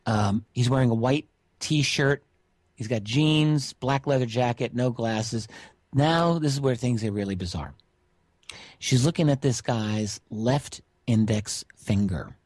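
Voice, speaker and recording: A middle-aged man recounts an odd encounter for a radio interview, relaxed and chatty, pausing on fillers as he goes. His voice sits at a middle pitch and sounds dry and close, with no room around it. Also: no echo. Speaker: guest researcher.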